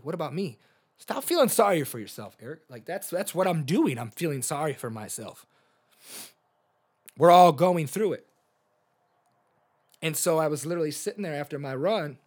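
A man in his thirties hosting a podcast, telling personal stories in an earnest, open-hearted way. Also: medium pitch. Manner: earnest, open about feelings, storytelling with fillers. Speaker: podcast host. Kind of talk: personal reflective monologue.

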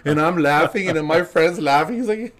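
A man's voice: on the high side, brisk, a crowd in the background. A man telling a story as a podcast guest in casual chat, laughing and swearing as he acts out the people in it. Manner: laughing, profane, acts out quotes.

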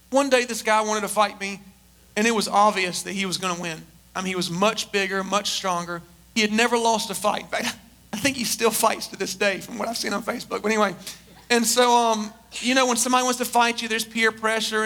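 A man's voice: high-pitched, pushed and bright. A middle-aged male pastor preaching a sermon at a church service, emphatic and mixing in humorous storytelling.

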